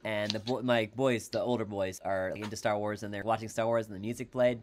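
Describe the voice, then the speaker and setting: A man's voice: fairly low pitch, fairly even intonation, brisk, slight background noise. A middle-aged man hosting a school podcast, chatting casually and laughing at himself as he tells a story. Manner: laughing, self-mocking storyteller. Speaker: teacher and podcast host. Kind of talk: casual chat.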